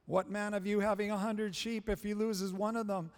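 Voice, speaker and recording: A male preacher delivering a sermon, slow and emphatic, repeating phrases for stress. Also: high voice, level tone, smooth. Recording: long hall reverb.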